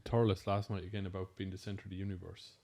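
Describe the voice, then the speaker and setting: A man's voice: sits low, level tone, fast, vocal fry, dark tone. A young Irish man in a casual pub chat, hesitant and often trailing off.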